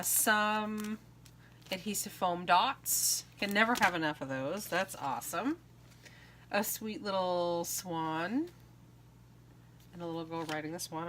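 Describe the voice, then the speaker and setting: Chatty, bright-voiced woman showing craft mail. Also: fairly low pitch, expressive, unhurried, slight background noise. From United States. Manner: chatty, giggly, trails off with ums. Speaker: craft vlogger. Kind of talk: casual chat.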